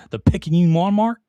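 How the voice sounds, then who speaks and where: A man co-hosting a casual gaming podcast, joking and animated in back-and-forth banter. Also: sits high, clear, resonant tone, no room sound. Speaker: podcast co-host.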